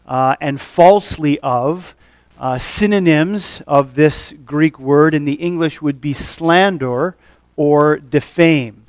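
A man preaching a sermon to his congregation, explaining a scripture passage in a measured teaching way with frequent pauses and fillers. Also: on the high side, no room sound. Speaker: pastor.

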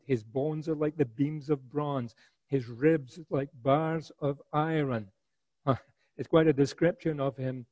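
A man preaching an expository sermon, earnest and rhetorical, paraphrasing scripture in a lively voice. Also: a little high, no room sound, rough recording.

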